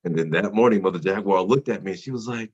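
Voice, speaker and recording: A man's voice: deep voice, fast talker, a little mellow, husky, dull audio. A man earnestly telling a reflective, confessional personal story in a spoken storytelling style. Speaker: storyteller at a men's sharing circle.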